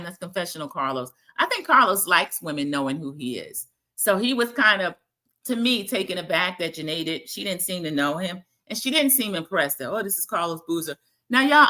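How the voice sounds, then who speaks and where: Chatty woman hosting a bright live recap. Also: on the low side. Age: middle-aged. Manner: chatty, addresses viewers as y'all, acts out quotes. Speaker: host recapping a dating show. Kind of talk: casual live-stream commentary.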